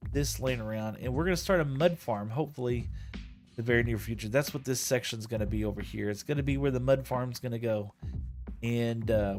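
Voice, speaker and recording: A man talks through his game stream in a loose, rambling way. He restarts his sentences often and chuckles between thoughts, at a middling pitch. Quiet music plays underneath him. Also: creaky. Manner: rambling, chatty, self-correcting with frequent chuckles. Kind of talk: casual gameplay stream chat.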